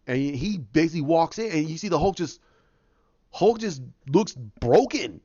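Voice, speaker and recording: A man's voice: on the high side, animated, normal speed, mellow, no echo, dull audio. A man hosting a podcast, recapping a film casually and acting out scenes with many restarts. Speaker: podcast host.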